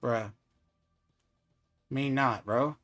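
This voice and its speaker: A man's voice: mid-range voice, drawn-out words, fairly bright tone, faint music behind. A man streaming a game, trash-talking and mocking another player in casual, swearing chat. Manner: taunting, mocking, swears freely.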